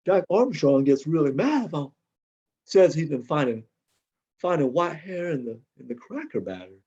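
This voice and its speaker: A flustered older cracker factory worker rambles and stammers through his complaints, as a man plays him in improv. His pitch swings wildly and his voice is husky. The sound is a dull, lo-fi video call. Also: big pitch swings, moderate pace, warm tone, heavily acted. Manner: rambling, stammering, bursts of high-pitched indignation. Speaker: improv performer.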